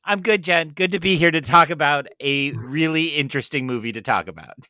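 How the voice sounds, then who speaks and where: A man co-hosting a casual film podcast, goofy, with deadpan jokes. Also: on the high side, fairly quick, no echo, studio quality. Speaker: podcast co-host, professor.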